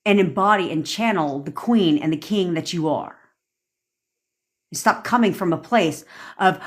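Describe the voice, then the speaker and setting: A woman's voice: on the low side, animated, normal speed, pauses often. A young woman coaching on manifestation in a livestream rant, blunt and profane, acting out pleading and smug inner voices.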